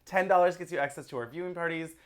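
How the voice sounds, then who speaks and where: A man co-hosting a casual movie review podcast, enthusiastic and quick to laugh. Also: fairly high pitch. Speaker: podcast co-host.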